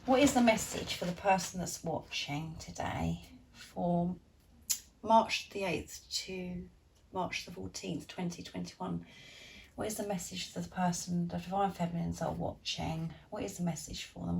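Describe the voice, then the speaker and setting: A woman's voice: fairly low pitch, steady tone, unhurried, creaky, a little mellow, a little hiss or hum. A woman giving a tarot reading to viewers, gushing and encouraging, often laughing and talking straight to them. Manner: addresses viewers directly as guys. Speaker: tarot reader.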